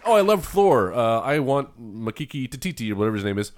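A man's voice: mid-range voice, big pitch swings, fast, no room sound, studio quality. A man co-hosting a podcast, chatting casually and enthusiastically, often chuckling. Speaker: podcast co-host. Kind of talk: casual banter.

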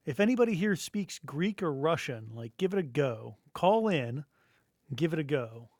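A man's voice: a little high, sing-song, normal speed, a little mellow, no echo, studio quality. A man co-hosting a casual podcast, joking and enthusiastic, with lots of "like" in his speech. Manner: joking, enthusiastic, says "like" often. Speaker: podcast co-host.

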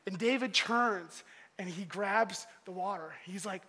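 A man giving a casual storytelling sermon, animated and slangy. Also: sits high, a little slow. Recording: long hall reverb.

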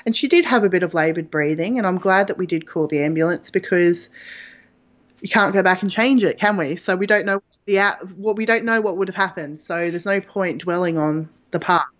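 Chatty woman, candid, lots of ums, slightly low voice, dull lo-fi sound. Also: a little fast. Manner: chatty and frank, with frequent fillers and laughs. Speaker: interview guest. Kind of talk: candid personal storytelling. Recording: dull lo-fi audio.

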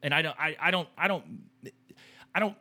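A man's voice: fairly high pitch, fairly quick, pushed and bright. A man in his thirties co-hosting a casual chat, telling an emotional story in a rambling way with many restarts and some swearing. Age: 30s. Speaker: podcast co-host.

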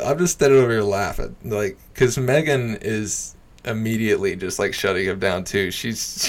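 A young man casually telling a story, swearing freely, laughing often and dropping into low mutters.

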